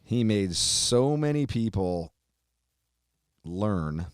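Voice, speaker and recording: A man hosting a show, giving an emotional tribute while on the verge of tears, swearing often and trailing off quietly. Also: on the low side, expressive, very slow, smooth, dry recording, clean studio sound, faint music behind. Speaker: host.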